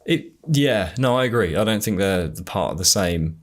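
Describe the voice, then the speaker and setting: A man's voice: low voice, expressive, normal speed. A man with a generic southern English accent, hosting a podcast in casual chat, rambling and hesitant with frequent laughs. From England. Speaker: podcast host.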